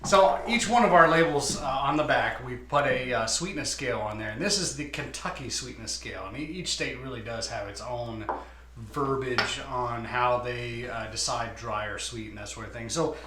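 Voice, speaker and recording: Winemaker, bright voice, echoey room, unhurried explaining with fillers. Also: male voice, medium pitch, slight background noise. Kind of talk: casual wine tasting chat. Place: winery.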